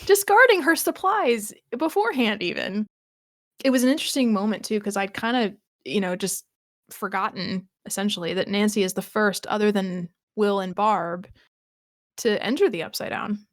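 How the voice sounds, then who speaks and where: A woman's voice: medium pitch, normal speed, no room sound, clean studio sound. A woman co-hosting a podcast, chatting casually about a TV episode, laughing often and restarting her sentences. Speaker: podcast co-host.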